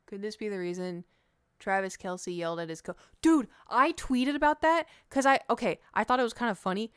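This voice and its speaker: A woman streamer talks in a loose, animated way, rambling from one funny story to the next. Her voice sits at an ordinary middle pitch. The sound is close and dry, with almost no room around it. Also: fairly quick, clean tone, dry recording. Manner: chatty and animated, jumping between stories. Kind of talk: casual chat.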